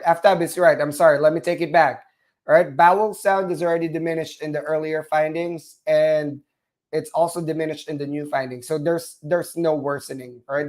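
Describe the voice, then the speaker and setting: A man with a Filipino accent leads a live online nursing class in a fairly high voice. He repeats key points and keeps asking "all right?" to check the students are following. When he makes a mistake he apologizes and takes it back. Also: darkish tone. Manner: repetitive, checks in often with "all right?", apologetic about corrections. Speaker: nursing exam instructor. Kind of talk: live online class, walking through a case study.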